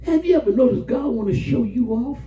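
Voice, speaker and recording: A man preaching a sermon, telling stories with animated call-and-response. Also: very high-pitched, a little fast. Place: church. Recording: echoey church from far off, phone-like sound.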